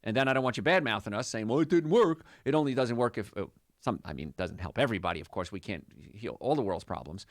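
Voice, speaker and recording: Give me an upbeat, jokey male radio host who talks fast with a lively, bouncing pitch. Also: no room sound, studio quality. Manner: chatty, upbeat, rambling and jokey. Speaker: radio health show host and chiropractor. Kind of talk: call-in radio talk. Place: radio studio.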